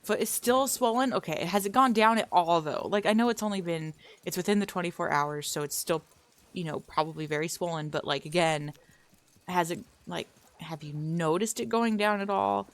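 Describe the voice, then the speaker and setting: A woman's voice: fairly low pitch, normal speed. A woman streamer chatting casually with viewers while she plays, rambling and laughing often.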